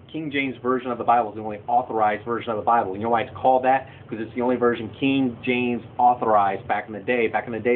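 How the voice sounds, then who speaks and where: A man delivers a casual teaching monologue to his viewers, drifting into opinionated rants. His voice sits at an ordinary pitch and gets more animated as he gestures. The recording is tinny and narrow, like a phone line, with faint noise underneath. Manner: opinionated, rambling, prone to rants; talks with hand movements. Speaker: Christian video host.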